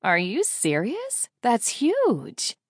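A bubbly best friend gushes and teases in a bright, raised voice, as a woman narrator puts her on. She sounds louder and more eager than the storyteller's own tone, with a slight gravelly edge. The audiobook sound is dry and close. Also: medium pitch, sing-song, moderate pace, no echo. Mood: excited. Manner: loud, gushing, teasing. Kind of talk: audiobook character voice.

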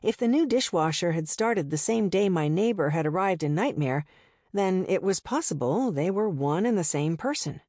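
Low-voiced woman narrating a novel. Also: expressive, moderate pace, warm tone, no echo, studio quality. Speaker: audiobook narrator. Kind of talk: first-person novel narration.

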